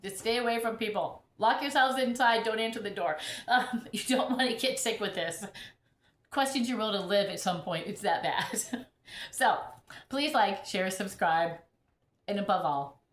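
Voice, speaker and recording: Recovering from illness, a middle-aged houseplant vlogger has a casual chat at home surrounded by plants, wandering off topic and laughing often. She speaks in a mid-range voice at a moderate pace, and the sound is roomy.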